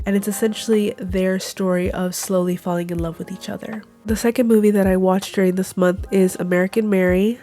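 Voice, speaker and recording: A young woman talks through her monthly favorites at an even, unhurried pace, calm and gently enthusiastic. A cold has left her sounding nasal and congested. Her pitch sits in an ordinary middle range for a woman. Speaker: YouTuber. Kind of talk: monthly favorites vlog narration.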